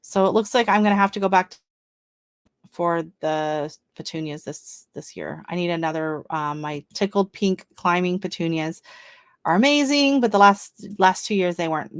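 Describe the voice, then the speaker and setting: A woman's voice: fairly low pitch, dry recording. Woman, gardening livestream host, chatty, reads listings aloud, dry close sound. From not from Canada. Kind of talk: casual live-stream chat.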